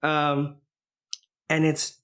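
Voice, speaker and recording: A man with a fairly high, slightly bright voice talks in a monotone and very slowly. He's co-hosting a podcast, loosely recapping a movie's plot with frequent fillers and restarts as he rambles.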